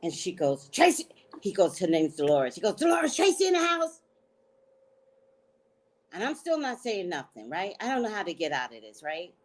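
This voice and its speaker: A woman host telling a story in a casual chat, animated and laughing, salty, often checking in with "right?". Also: on the low side, fairly quick, hardly any pauses. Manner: frank, salty slang.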